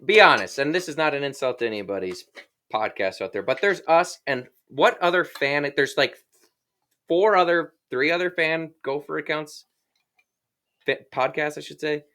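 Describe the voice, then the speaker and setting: A man's voice: a little high, normal speed, bright, forceful tone. A man hosting a casual sports podcast, chatty and self-deprecating. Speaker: podcast host.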